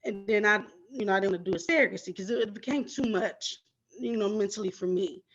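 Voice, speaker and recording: A woman speaks candidly about her own experience as a patient panelist. Her voice sits at a mid pitch. The video-call audio sounds somewhat dull and lo-fi. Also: quick pace. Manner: candid, personal storytelling. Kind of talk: personal testimony on a panel.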